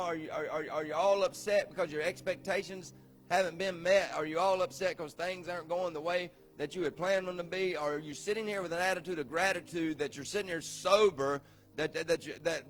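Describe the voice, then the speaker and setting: A man pastor preaching informally to a recovery group, repeating himself and asking the room questions, dropping low and slow and then rising to shouts. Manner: swings from quiet and slow to loud and shouting.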